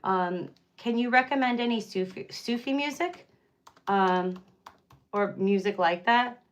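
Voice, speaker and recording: A woman's voice: mid-range voice, unhurried. A young woman chatting casually with viewers on a livestream, rambling with lots of fillers and easy laughs.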